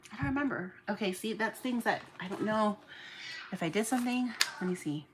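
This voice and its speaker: A woman chatting casually to viewers while she packs orders, self-mocking and counting items out loud. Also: medium pitch, animated, a little fast, slight background noise. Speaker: small online shop owner. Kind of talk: casual vlog chat to viewers.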